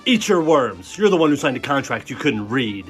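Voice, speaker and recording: A man plays a smug game show host with a showman's patter. He mocks his contestants in an even, mid-pitched voice. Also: normal speed, faint music behind. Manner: showman announcer, mocking.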